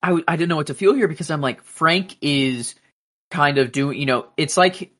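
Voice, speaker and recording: A man's voice: a little high, normal speed, sharp tone. A man co-hosting a podcast, talking over a TV episode in a loose, rambling way with many fillers. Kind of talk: casual show recap chat.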